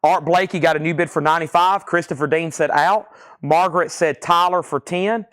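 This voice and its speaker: A man's voice: on the high side, steady tone, fairly quick, a bit bright. Man rattling off record prices live. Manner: rattles off items and prices, corrects himself often. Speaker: live record sale host. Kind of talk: live online sales stream.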